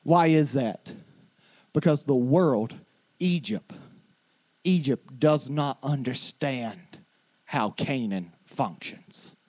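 A young adult male pastor preaching a sermon, telling his story quietly and then rising to shouted declarations. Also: mid-range voice, takes it slowly, long pauses.

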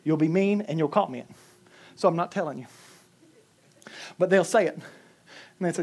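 Animated, joking preacher man. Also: on the high side, moderate pace, long pauses, husky. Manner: animated, humorous storytelling with chuckles. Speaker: pastor. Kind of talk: sermon.

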